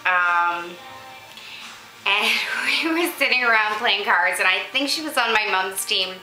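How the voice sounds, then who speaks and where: Woman vlogger, slow and bright, rambling chat with lots of ums, echoey room with faint music. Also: medium pitch, animated. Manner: rambling, lots of ums, laughs as she talks. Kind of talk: unscripted casual chat to camera. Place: her condo, indoors.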